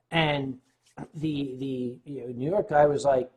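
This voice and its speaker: A man hosting a livestream, telling a long anecdote in a lively way and clearing his throat often between beats. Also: a little high, takes it slowly. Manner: animated retelling with shifting loudness. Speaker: livestream host. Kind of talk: anecdotal storytelling.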